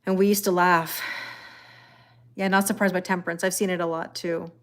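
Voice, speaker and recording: A woman's voice: fairly low pitch, flat delivery, moderate pace, fairly bright tone. A woman reading tarot live and chatting with viewers in a rambling way, laughing often. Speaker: tarot reader. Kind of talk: live-stream chat reading viewer comments.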